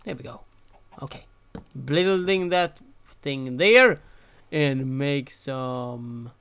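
A man doing let's-play gameplay commentary, talking to himself with animated, exasperated exclamations. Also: medium pitch, drawn-out words, smooth. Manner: animated, exasperated self-talk with frequent exclamations. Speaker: gaming channel host.

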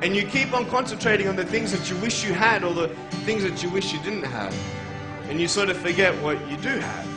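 A man's voice: high-pitched, animated, fairly quick, rough recording. Earnest man giving a motivational speech. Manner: earnest, emphatic, with rhetorical questions. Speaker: motivational speaker. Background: background music.

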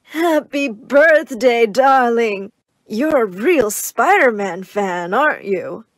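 A woman voicing a rich, doting old grandmother in an animated story, calling out slowly and loudly. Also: on the high side, no room sound, clean studio sound. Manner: slow, loud, fond calling out. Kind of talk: cartoon story voice acting.

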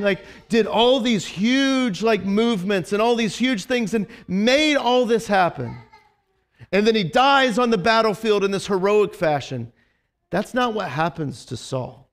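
A male pastor preaching a casual, conversational sermon in a church, rambling with restarts. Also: high voice.

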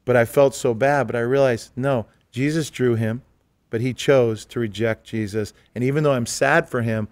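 Earnest, emphatic male pastor with a smooth voice. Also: mid-range voice, fairly even intonation, normal speed, no room sound. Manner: earnest, emphatic, talks over others. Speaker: pastor and co-host. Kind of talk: conversational storytelling.

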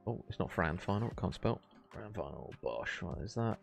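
A man's voice: deep voice, animated, moderate pace, creaky, soft background music. A man hosting a live esports stream, casting casually with laid-back, jokey chatter. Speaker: esports caster and stream host. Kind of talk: relaxed live casting and banter.

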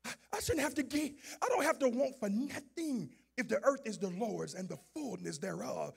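Gravelly high-voiced male preacher. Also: expressive, moderate pace. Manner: rises from low talk to shouted preaching. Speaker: pastor. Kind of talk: sermon.

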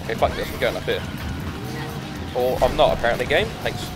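A man's voice: medium pitch, brisk, over loud music. A man casually commenting on his gameplay, sarcastic, easily annoyed and swearing a lot. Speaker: let's play gamer.

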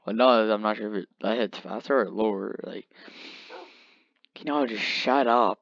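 A man's voice: on the low side, normal speed, vocal fry, fairly bright tone, dry recording. A man giving casual, rambling commentary while playing a game, joking around and talking to his in-game pet, on a dull lo-fi mic. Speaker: gamer.

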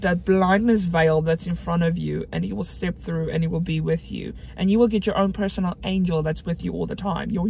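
A woman's voice: on the low side, creaky, a little mellow, slight background noise. A young woman, chatting earnestly in a casual home vlog, full of fillers and restarts. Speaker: vlogger.

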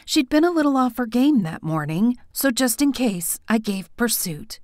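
Expressive woman narrating an audiobook. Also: fairly high pitch, normal speed, dry recording, clean studio sound. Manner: expressive, animated reading. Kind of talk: first-person audiobook narration.

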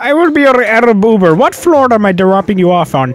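A man's voice: sits high, sing-song, fairly quick. A young man doing a frantic overeager taxi driver. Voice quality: exaggerated put-on foreign accent. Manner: loud, frantic, overfamiliar.

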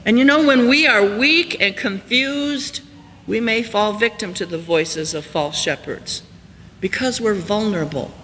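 High-voiced pastor preaching in a reverberant church. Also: male voice. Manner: storytelling, rises high and loud for emphasis then drops soft and slow. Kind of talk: sermon. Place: church sanctuary. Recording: church hall reverb, faint hiss.

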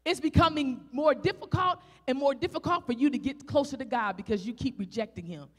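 Her voice high and fairly quick, a country-accented Southern woman preaches a fervent sermon, asking rhetorical questions and rising to shouts. She lingers over scripture as she reads, and the church hall echoes around her.

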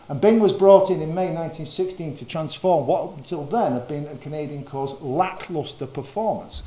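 A man from northern England giving a history lecture, measured and full of small fillers. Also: mid-range voice, warm tone, echoey room. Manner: measured, with frequent uh fillers and quoted passages. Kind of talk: lecture presentation.

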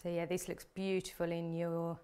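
A woman's voice: fairly low pitch, completely flat delivery, normal speed, warm tone, clear, resonant tone. A chatty woman leads a live card-making demonstration. She talks easily through each step while her hands keep working. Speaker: craft demonstrator.

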